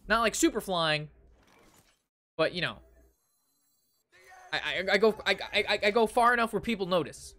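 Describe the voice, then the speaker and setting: Bright-voiced man telling a wild story. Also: high-pitched, normal speed, pauses often. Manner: animated and profane, acting out the people in the story. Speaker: gaming streamer. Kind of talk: casual storytelling over gameplay.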